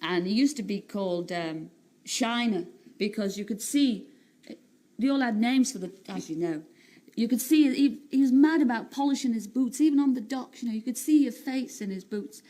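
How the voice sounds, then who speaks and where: Chatty Liverpool woman, fairly high voice. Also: normal speed. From Liverpool, England. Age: 30s. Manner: chatty, animated storytelling with frequent laughter. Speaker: singer and TV entertainer, guest. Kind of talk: chatty talk-show interview. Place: TV studio.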